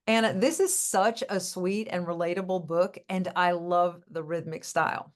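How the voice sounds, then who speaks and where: A woman's voice: lowish voice, moderate pace, hardly any pauses. Upbeat woman hosting an author interview. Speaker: podcast host interviewing an author. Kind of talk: friendly interview, scripted introduction.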